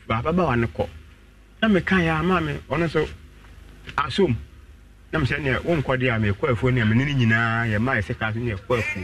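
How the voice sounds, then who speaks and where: Man telling a story on a distant radio call. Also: slight background noise. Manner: acts out quoted voices with sharp pitch jumps. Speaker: caller telling his story.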